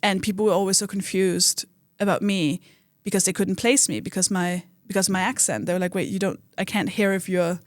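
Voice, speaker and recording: A woman's voice: mid-range voice, steady tone, brisk, few pauses, dry recording, clean studio sound. A woman comedian from Denmark, chatting casually on a podcast and often laughing while she acts out quotes. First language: Danish. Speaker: comedian guest.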